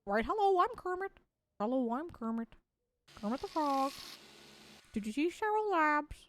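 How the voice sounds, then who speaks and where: A chirpy, eager male frog puppet with a raised, nasal cartoon voice, as a woman puts him on. He greets brightly and sounds sweet and a little bewildered. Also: sits high, big pitch swings, normal speed, a little hiss or hum, pitched above the performer's own voice. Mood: cheerful.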